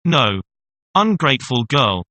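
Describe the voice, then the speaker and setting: A sharp-tongued young mistress who mocks her older lover, read by a man. The voice is bright and clear, with a teasing, scornful edge. It is told as a classic audiobook tale. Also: mid-range voice, sing-song, measured pace, dry recording, muffled recording. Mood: mocking. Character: young woman, mocking kept mistress. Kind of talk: audiobook reading.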